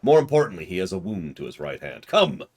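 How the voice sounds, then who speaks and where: A man voicing a grandiose, theatrical gentleman inspector from a video game, speaking in florid, formal declarations. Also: on the low side, big pitch swings, fast, creaky, voice pushed up, exaggerated voice. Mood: commanding.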